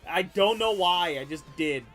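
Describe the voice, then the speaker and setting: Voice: medium pitch, lively intonation, normal speed, a bit bright, soft background music. A game streamer chatting casually while playing, rambling and laughing, often cutting off mid-word. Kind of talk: casual gameplay chat.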